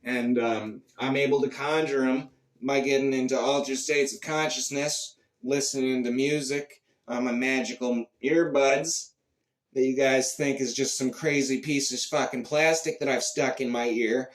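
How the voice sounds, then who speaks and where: A man performing a profane comic rant, shifting between low mutters and sudden shouts. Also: fairly even intonation, unhurried, roomy sound, far from the mic. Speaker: comedian. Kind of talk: character comedy monologue.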